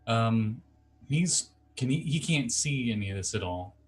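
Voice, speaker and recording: A man's voice: medium pitch, expressive, measured pace, soft background music. A man playing a tabletop game, asking questions in a casual, wry, slightly unsure way. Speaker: player.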